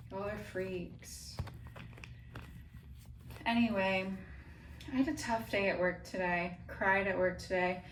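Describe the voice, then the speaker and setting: A woman's voice: mid-range voice, steady tone, slow pace, pauses often, far from the mic. A woman in her twenties vlogging in a casual, rambling, anxious way, often poking fun at herself. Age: 20s. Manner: rambling, self-mocking, anxious. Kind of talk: casual vlog chat. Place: room at home, moving around while working out. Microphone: phone camera, sometimes from across the room. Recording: echoey room with faint noise.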